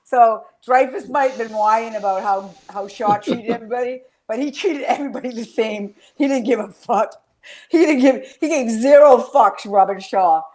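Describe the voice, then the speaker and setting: A woman's voice: a little high, moderate pace, a little mellow. Rambling, profane woman hosting a fan chat. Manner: rambling, profane and enthusiastic, trailing off mid-sentence. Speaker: podcast host.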